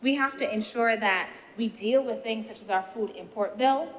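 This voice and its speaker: A woman senator, giving a measured, deliberate speech in a parliamentary debate and posing rhetorical questions. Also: on the high side. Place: senate chamber. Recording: reverberant chamber with faint background noise.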